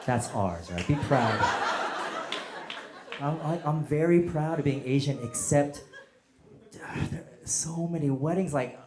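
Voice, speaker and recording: Animated stand-up comic man, echoey stage. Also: a little high, takes it slowly, long pauses, very noisy. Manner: animated, acts out quoted voices, loud bursts. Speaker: stand-up comedian. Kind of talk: stand-up comedy set. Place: comedy stage before a live audience. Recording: echoey hall, audience laughter. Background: audience laughter.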